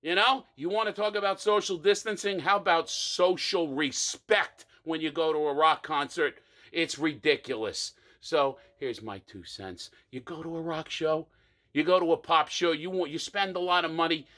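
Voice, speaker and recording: A man performing an exasperated comic rant monologue, mocking people with quick impressions. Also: fairly high pitch, sharp tone.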